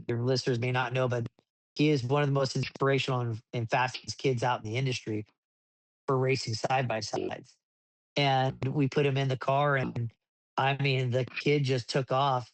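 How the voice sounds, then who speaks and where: A man telling racing stories in a casual interview, rambling with many restarts and getting animated as he recounts events. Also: medium pitch, no room sound. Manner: rambling with frequent restarts, animated when retelling. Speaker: desert racing driver, podcast guest.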